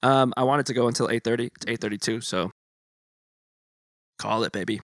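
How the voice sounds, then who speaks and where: A young man co-hosting a podcast in relaxed casual chat, swearing now and then. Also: fairly quick, no room sound, studio quality. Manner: laid-back, swearing, low-key. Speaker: podcast co-host.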